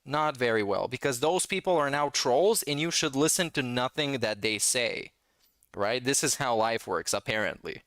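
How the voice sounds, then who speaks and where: A man's voice: medium pitch, animated, normal speed, a bit bright, no echo. A man hosting a casual reaction commentary, talking in a sarcastic, mocking way. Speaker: commentary channel host.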